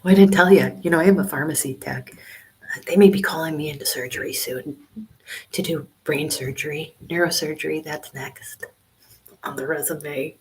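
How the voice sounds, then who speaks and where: A woman over fifty chatting on a casual livestream, whispering quietly from a small library study room. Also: low-pitched, moderate pace, slight background noise, low-quality recording. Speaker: vlogger doing a livestream.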